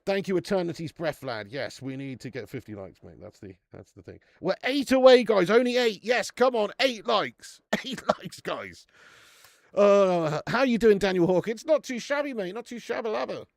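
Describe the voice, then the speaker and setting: A British man hosts a live beer review stream from a warm room at home, chatting casually, bantering with viewers, and swearing freely. His voice is high, expressive, and gravelly at a moderate pace, captured with clean studio sound and no room echo.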